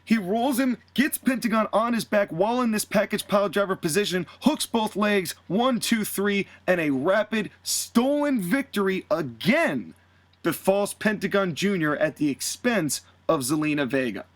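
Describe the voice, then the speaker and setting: A man co-hosting a podcast, recounting a booked wrestling show in casual, animated storytelling and dropping into quick voices for the people he quotes. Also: high-pitched. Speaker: podcast co-host.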